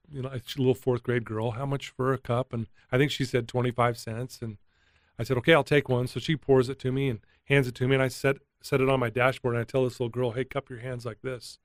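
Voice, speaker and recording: A man's voice: mid-range voice, a little fast, no echo, clean studio sound. Earnest man telling a heartfelt story. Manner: earnest, emotional, animated retelling. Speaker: guest, addiction recovery coach. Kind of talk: candid storytelling interview.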